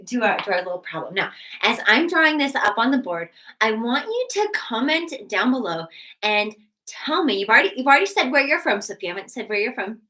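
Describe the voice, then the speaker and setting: A woman's voice: a little high, pushed and bright. A woman teaching a live online math lesson, bubbly and encouraging, chatting with viewers between steps. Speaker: GED math tutor. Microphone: webcam.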